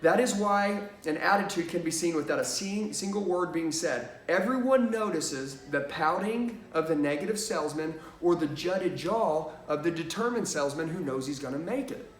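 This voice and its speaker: A man's voice: a little high, animated, moderate pace, few pauses, distant mic. Emphatic male sales trainer in an echoey room. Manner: emphatic, repeats "okay?" and "watch this". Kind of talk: energetic sales training lesson.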